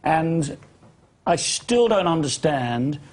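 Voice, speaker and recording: A man's voice: on the high side, sing-song, takes it slowly, a little mellow. A man hosting an interview, pressing his guest on a point over and over while apologizing for interrupting. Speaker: interview host. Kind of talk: conversational interview.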